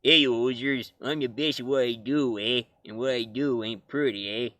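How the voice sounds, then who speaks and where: A tough, rude mutant, as a man plays him taunts in a Canadian accent and tags his lines with eh. The voice comes a little louder than a plain speaking voice. The sound is close and dry. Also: medium pitch, steady tone, moderate pace, dry recording, close to an everyday voice. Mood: taunting.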